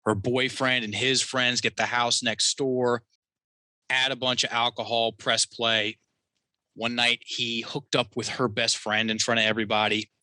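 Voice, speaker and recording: A man with a very bright, forceful voice tells a personal story as a podcast guest. He is animated and acts out the voices of the people in his story, recorded dry and close. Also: mid-range voice, no room sound. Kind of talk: storytelling in a conversational interview.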